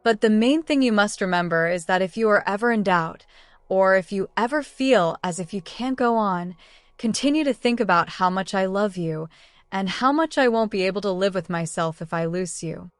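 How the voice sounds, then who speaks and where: A woman's voice: medium pitch, moderate pace, dry recording, close to an everyday voice. A woman reading a devoted young wizard's love letter aloud in an audiobook. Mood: tender. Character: young man, tender devoted wizard lover. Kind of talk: audiobook narration.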